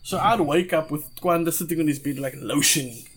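A young man with a South African accent, a podcast guest telling stories in a loose, animated way, laughing often and swearing freely. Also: on the high side, a little fast, husky. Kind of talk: casual storytelling.

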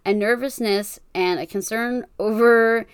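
A woman's voice: fairly high pitch, steady tone, a little slow, clear, resonant tone, dry recording. Giggly young New Jersey woman, dry sound. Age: 20s. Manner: laughs often, stumbles over words, swears casually. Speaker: podcast co-host. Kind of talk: reading astrology charts aloud, casual chat.

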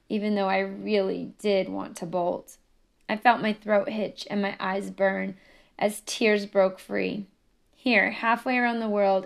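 A woman's voice: mid-range voice, creaky. A woman reading her own memoir aloud in an earnest, emotional manner. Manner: earnest, emotional, building to intensity.

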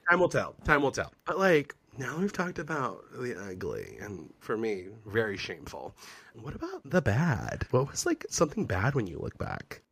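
Animated, sassy podcast man. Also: medium pitch, moderate pace, creaky. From San Francisco Bay Area. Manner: expressive, sassy, self-critical. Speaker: podcast co-host. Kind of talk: casual chat.

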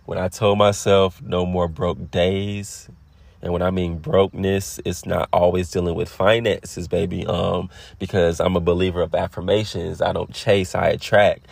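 A man in his late twenties hosting a casual motivational podcast, talking in a relaxed, affirming way and repeating phrases for emphasis. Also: low-pitched, normal speed, creaky, no room sound. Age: 20s. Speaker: podcast host.

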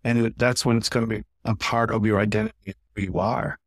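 A man's voice: on the low side, flat delivery, brisk, no room sound. A man being interviewed as a communication trainer, explaining earnestly and often tagging on "right?". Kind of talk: podcast interview.

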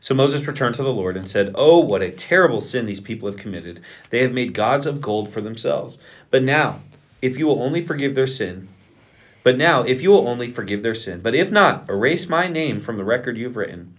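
Steady male pastor reading scripture. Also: medium pitch, fairly quick. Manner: steady plain reading, sometimes stumbling and restarting a phrase. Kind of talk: reading scripture aloud with asides.

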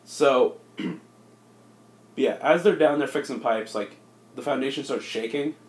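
A man talks at a middle pitch in a loose, rambling way, full of "like" and restarts, as he pitches a cartoon movie plot. His voice bounces off the walls of an echoey room. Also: slow. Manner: rambling, filler-heavy, jumps into silly voices. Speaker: podcast co-host pitching a movie. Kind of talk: casual comedic podcast chat.

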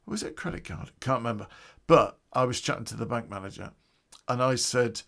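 A man's voice: mid-range voice, animated, brisk, gravelly, a bit bright. A man telling a personal story on a podcast in a casual, profane, conversational way with chuckling asides.

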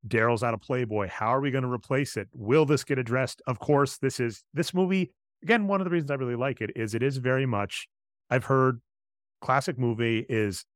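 A male podcast co-host talks through how stories are built, analytical and a little lecturing. His pitch sits in an everyday middle range. The sound is close and dry, with almost no room around it. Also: a little fast, no echo. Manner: analytical, explains storytelling basics. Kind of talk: casual podcast chat.

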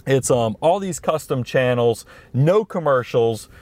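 A man's voice: medium pitch, animated, unhurried, a little mellow, no echo. A middle-aged man with a Southern US accent, talking through features in casual, enthusiastic car review chat, recorded inside a car. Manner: enthusiastic, explanatory. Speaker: podcast co-host.

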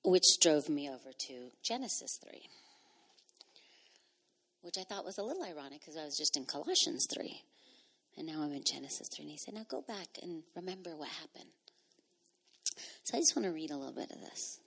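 Woman pastor preaching, hushed to loud. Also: low-pitched, animated, a little fast, creaky, pauses often, husky. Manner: conversational, laughing asides, swings from hushed to loud. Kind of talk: sermon.

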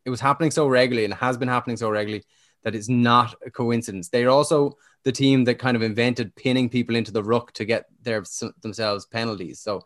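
An Irish man talking through a casual sports podcast from his home. His voice sits at a middle pitch and sounds dry and close, with almost no room around it. He rambles, then gets animated when he argues a point. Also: quick pace, no echo. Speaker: podcast co-host.

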